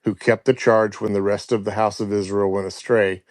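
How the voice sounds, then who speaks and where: A man's voice: on the low side, little pitch movement, a little mellow, dry recording. Earnest man teaching scripture, dry sound. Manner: earnest, measured, halting with fillers. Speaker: caller. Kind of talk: biblical teaching.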